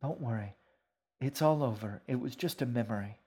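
A man's voice: mid-range voice, normal speed, a little mellow, slightly rough, lightly acted. A man reading a story aloud, voicing a stubborn, protective boy who speaks firmly and matter-of-factly. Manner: firm, matter-of-fact.

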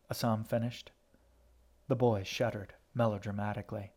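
A man reading a story aloud in steady, even scripted narration. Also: on the low side, a little slow.

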